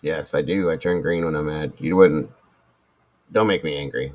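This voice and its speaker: Low-voiced man in his forties, rambling. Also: moderate pace, highs cut off. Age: 40s. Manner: rambling, self-mocking, with frequent restarts. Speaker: live stream host. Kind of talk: casual chat reading viewer comments.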